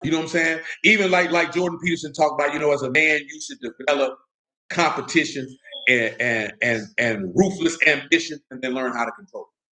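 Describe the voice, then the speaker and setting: A man's voice: a little high, fairly quick, pushed and bright, low-quality recording. A young man preaching in a loose, conversational way, mixing stories and slang and often asking if listeners follow him. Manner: street-casual, asks "you know what I'm talking about?". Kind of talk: casual sermon with storytelling.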